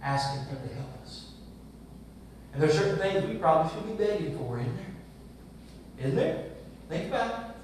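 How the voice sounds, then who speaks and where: A man's voice: fairly high pitch, expressive, moderate pace, pauses often, darkish tone, slight background noise. A male pastor preaching a sermon, asking his congregation many rhetorical questions. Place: church sanctuary. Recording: echoey church from far off.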